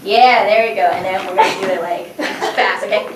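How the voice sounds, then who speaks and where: A woman's voice: mid-range voice, fairly even intonation, fairly quick. A woman telling a self-mocking comic story on stage, chatty and full of fillers. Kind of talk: live comedic storytelling. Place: stage before a live audience. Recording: echoey and distant, noisy.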